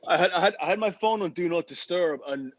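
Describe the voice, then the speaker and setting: A man telling tour stories in a casual interview over a call, animated, often repeating words as he gets going. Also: sits high, quick pace, highs cut off. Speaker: interview guest, rock singer.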